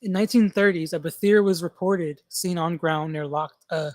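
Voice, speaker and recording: A man's voice: on the high side, moderate pace, dry recording. A man hosting a casual tabletop gaming podcast, reading monster lore aloud and stumbling over place names. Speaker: podcast host.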